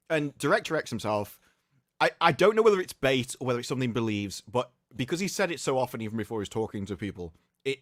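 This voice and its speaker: A man talking casually as a podcast guest, retelling scenes in an animated, incredulous way into his own microphone. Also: mid-range voice, dry recording, clean studio sound.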